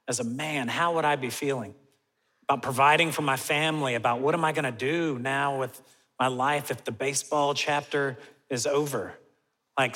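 A man reflects sincerely and thoughtfully on his friend's faith. His voice is bright and fairly high for a man. A long reverb trails behind his words. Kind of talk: reflective testimony.

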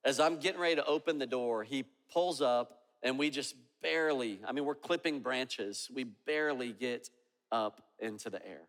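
A male pastor preaching, telling a story in an animated way and voicing each person in it. His voice is mid-pitched and rings with the long reverb of a large hall. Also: moderate pace. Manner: animated storyteller acting out dialogue. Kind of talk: sermon storytelling.

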